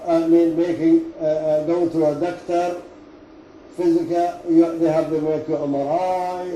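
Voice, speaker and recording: An older Emirati man whose first language is Arabic, a company chairman, tells business anecdotes at a talk in his headquarters' meeting room. His English is halting and punctuated by chuckles, and his voice is very dark and mellow though pitched a little high. It was recorded from a distance in an echoey room with faint background noise.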